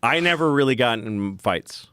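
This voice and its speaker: A man's voice: mid-range voice, expressive, moderate pace, fairly bright tone, clean tone, dry recording. A man co-hosting a podcast, telling rambling school stories in casual chat and laughing often, recorded on a studio mic. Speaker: podcast co-host.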